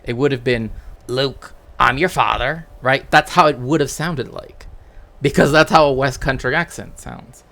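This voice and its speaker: A man's voice: medium pitch, normal speed, a bit bright. A man talks casually on a live stream in a loose, rambling way. He works as a cultural historian and keeps tagging his points with "right?" in a mid-range voice. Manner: rambling, tags sentences with "right?".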